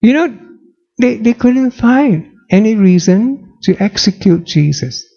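Preacher, male, animated delivery with gravelly fry, muffled lo-fi sound. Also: sits high, a little slow. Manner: dramatic, rhetorical questions. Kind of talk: sermon.

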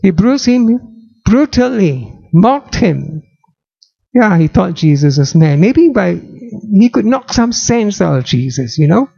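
A man's voice: on the high side, creaky, mellow, muffled recording. A man preaching a sermon dramatically, using rhetorical questions.

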